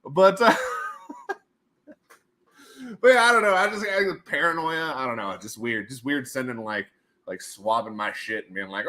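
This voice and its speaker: A man's voice: medium pitch, normal speed, pauses often, sharp tone. A man hosting a casual livestream, rambling and joking and laughing often between his remarks. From United States. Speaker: livestream host.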